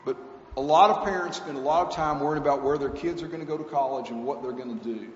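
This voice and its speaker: A man preaches in an earnest, emphatic way, hammering home points with repetition. His voice sits a little high for a man. The recording is dull and lo-fi, with roomy echo and faint hiss behind him. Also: fast. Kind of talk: sermon. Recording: echoey hall, dull lo-fi sound, faint hiss.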